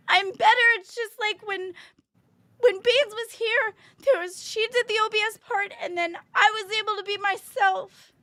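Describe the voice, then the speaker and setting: Streamer host, woman, very high pitch, tearful and self-critical throughout. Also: sharp tone, no echo, clean studio sound. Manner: distraught, self-critical, sighing. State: crying. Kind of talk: emotional live-stream talk.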